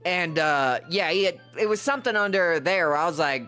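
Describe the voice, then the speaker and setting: A man's voice: fairly high pitch, brisk, few pauses, sharp tone, soft background music. A male streamer doing live gameplay commentary in exasperated, profane, mocking rants, rambling through stories with restarts.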